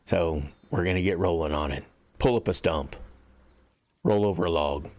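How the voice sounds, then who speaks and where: A man's voice: low voice, moderate pace, a little mellow. An American man, an author, chatting bluntly and profanely to his viewers before reading from his own book. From United States. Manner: blunt and profane, loose rambling delivery.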